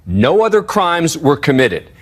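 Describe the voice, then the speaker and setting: A male legal analyst explaining a case on the news. His voice is husky, and his pitch moves around a lot as he explains. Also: a little slow. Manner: explanatory, lively analytical delivery. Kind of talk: news commentary.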